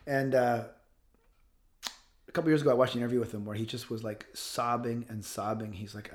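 A man's voice: medium pitch, fairly even intonation, fairly quick. A man of fifty speaking as an interview guest, blunt and passionate, swearing freely. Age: 50s. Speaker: guest author. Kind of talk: casual interview talk.

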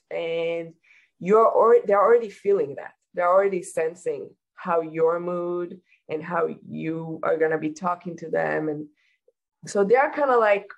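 With a fairly low-pitched voice and dull audio, a hypnotherapist guest in a casual interview speaks calmly, explaining and giving practical advice. The speaker is a woman.

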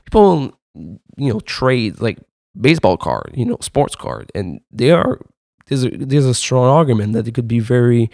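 A man's voice: mid-range voice, creaky, darkish tone, no room sound, studio quality. A man hosting a podcast, talking in a rambling, casual monologue full of fillers, swearing and laughs. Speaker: podcast host.

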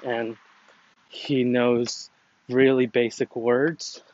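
A man's voice: medium pitch, little pitch movement, extremely slow, darkish tone. A man talking casually in a rambling, hesitant way, full of fillers and restarts. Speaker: storyteller explaining a family matter. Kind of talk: casual monologue. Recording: dull lo-fi recording with clear background noise.

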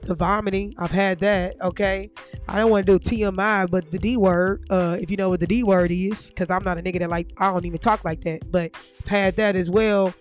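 A vlogger who is sick with a sore throat, talking straight to camera in a casual, profane, increasingly heated rant. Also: medium pitch.

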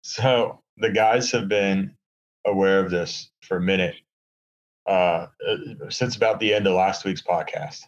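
A man's voice: low voice, measured pace, muffled recording. A man on a podcast, chatting casually and sarcastically with lots of fillers, from a hotel room. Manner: rambling, sarcastic, many fillers. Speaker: podcast co-host. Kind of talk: casual chat.

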